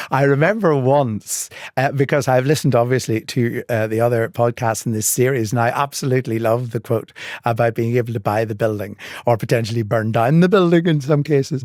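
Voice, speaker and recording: An older man with a Northern Irish accent tells his career stories in a podcast interview, measured and articulate, with a dry wit. His voice sits at an ordinary pitch. The sound is dry and close, with no room around it. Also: darkish tone, no echo. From Northern Ireland. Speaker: guest.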